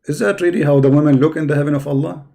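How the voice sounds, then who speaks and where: High-voiced combative male debate host. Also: fairly even intonation, racing, creaky, dark tone. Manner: combative, mocking, insulting callers. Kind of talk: live call-in debate.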